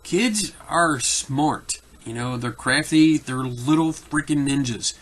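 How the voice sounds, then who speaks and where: A man's voice: mid-range voice, slow, fairly bright tone. A man with a Philadelphia accent talks casually and off the cuff as a host answering viewer questions, rambling with many fillers and restarts.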